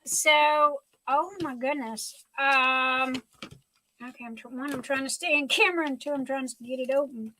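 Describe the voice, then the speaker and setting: A woman's voice: high-pitched, moderate pace, pushed and bright, a little hiss or hum, poor audio. A middle-aged woman hosting her livestream at home, gushing and talking through tears. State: tearful. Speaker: livestream host. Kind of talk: casual live chat.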